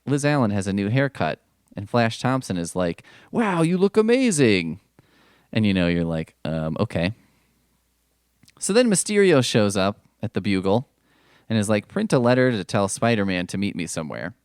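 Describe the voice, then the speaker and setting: A man's voice: lowish voice, clean tone, no room sound, studio quality. A man hosting a podcast, chatting casually about an old comic book, rambling with plenty of swearing and asides. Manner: rambling, profane, full of asides. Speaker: podcast host.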